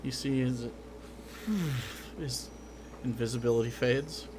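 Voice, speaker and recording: Low-key man running a tabletop game. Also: takes it slowly, background noise. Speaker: game master.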